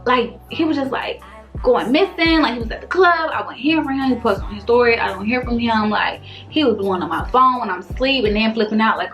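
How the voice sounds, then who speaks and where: A young woman telling a casual storytime vlog, animated, slangy and exasperated, full of rhetorical questions. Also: on the high side, fairly quick, muffled recording, soft background music. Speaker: vlogger telling a dating story.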